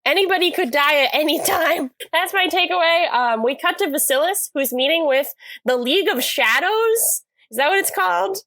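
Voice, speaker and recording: A woman's voice: extremely high pitch, animated, normal speed, a bit bright, no echo. A woman co-hosting a podcast, chatting casually as she recaps a TV episode, rambling with lots of fillers and self-corrections. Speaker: podcast co-host.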